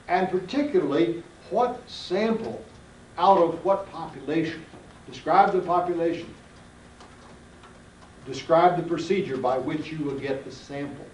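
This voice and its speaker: A man's voice: a little high, a little mellow, dull audio, slight background noise. Folksy male lecturer on a distant, roomy tape. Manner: folksy, emphatic, quizzes the class. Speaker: seminar lecturer. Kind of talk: classroom lecture with questions to students. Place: lecture room.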